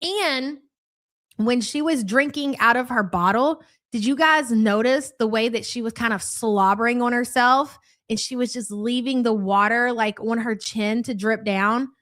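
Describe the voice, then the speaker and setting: A woman's voice: on the high side, unhurried, a bit bright. A woman hosting a live reaction stream, speaking in a crude, mocking and chatty way as she reads out viewer comments. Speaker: livestream commentary host.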